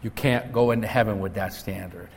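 A man's voice: fairly low pitch, brisk. A male pastor preaching an earnest sermon and telling stories. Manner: earnest preaching, storytelling with acted quotes. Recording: echoey hall, faint noise.

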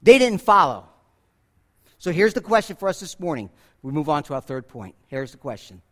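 Male pastor, high voice, dynamic sermon delivery with loud peaks and soft asides. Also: big pitch swings, moderate pace. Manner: dynamic preaching, swinging between loud emphatic peaks and quiet asides. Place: church.

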